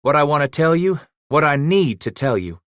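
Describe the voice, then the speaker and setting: An earnest young fur trapper, as a narrator puts him on, urgent and pleading in frontier dialect. The voice is pushed well above the teller's own pitch and recorded dry and close. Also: male voice, sing-song, moderate pace, fairly bright tone, smooth, no room sound.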